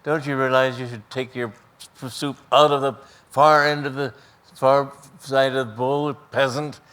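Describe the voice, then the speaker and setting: A man voicing a hulking fifteen-year-old bully boy in a story he tells, loud and taunting, his voice lifted above his usual low tone. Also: little pitch movement, measured pace, smooth, natural voice.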